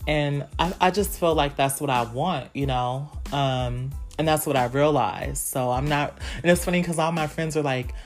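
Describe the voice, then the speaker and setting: Low-voiced woman, frank and slangy. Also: moderate pace, few pauses, soft background music. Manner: frank and explicit, slangy, talks straight to listeners. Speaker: podcast host. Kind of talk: candid casual monologue.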